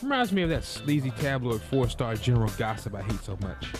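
A man's voice: mid-range voice, animated, brisk, few pauses. A man reading a visual novel aloud and adding casual asides between passages. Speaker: gameplay narrator. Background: game music.

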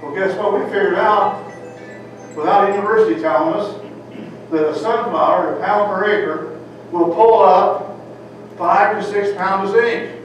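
A man's voice: high-pitched, a little slow, soft background music. An older man from Ohio, giving a folksy talk as a farmer and telling stories with a lot of "you know". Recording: echoey hall, distant mic, dull and noisy.

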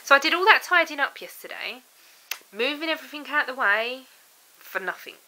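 A woman's voice: high-pitched, animated, a little fast, pushed and bright, a little hiss or hum, rough recording. A young woman vlogging at home, chatting in a rambling, exasperated way. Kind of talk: casual vlog chat. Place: home, indoors.

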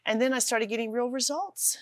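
A woman's voice: fairly high pitch, fairly quick, no room sound, studio quality. A middle-aged woman, a guest author, telling her story earnestly with self-deprecating humor on a talk show. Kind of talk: testimony in a studio talk show.

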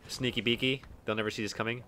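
A young man from Texas giving live commentary on a shooter game, excitable, swearing and yelling at enemies. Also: mid-range voice, quick pace. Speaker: gaming streamer.

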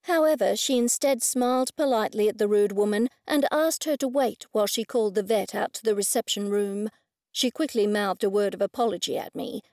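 A woman reading a first-person cozy mystery audiobook in a clear, measured way. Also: on the high side, a little mellow, no echo, studio quality. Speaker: audiobook narrator.

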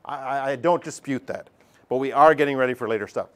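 A middle-aged man teaching a math class, lively and joking, acting out his students' voices. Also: mid-range voice, quick pace. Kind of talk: classroom lecture.

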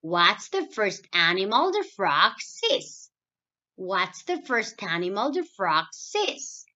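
A woman's voice: mid-range voice, big pitch swings, takes it slowly, sharp tone. A woman teaching English to children, explaining in English and then repeating each point in Spanish. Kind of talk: recorded online lesson for children. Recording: dull lo-fi voice recording.

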